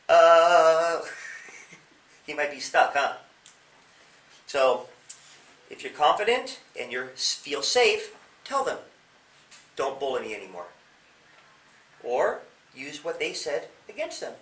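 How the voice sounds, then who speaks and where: A bright, lively male police officer explains things to a young listener, asking questions as he goes. His voice sits a little high and swings widely. He is recorded from a distance in an echoey room. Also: measured pace, pauses often. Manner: animated, explaining with questions and acted-out examples. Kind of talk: interview giving advice to young people.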